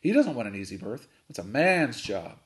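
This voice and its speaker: A man voicing a gruff old sea captain who bellows orders and roars at everyone. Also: mid-range voice, very animated, moderate pace, close to an everyday voice. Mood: blustering. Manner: roaring, barking orders.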